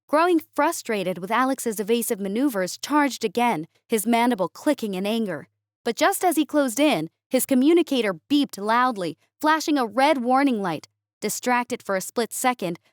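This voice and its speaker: A woman narrating a sci-fi story in an even, steady storytelling voice. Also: on the high side, no echo, clean studio sound.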